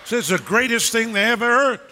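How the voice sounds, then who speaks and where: A man's voice: very high-pitched, lively intonation, fairly quick, sharp tone. A male pastor preaching a sermon in a large church, blunt and emphatic, breaking into scolding bursts. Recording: long hall reverb.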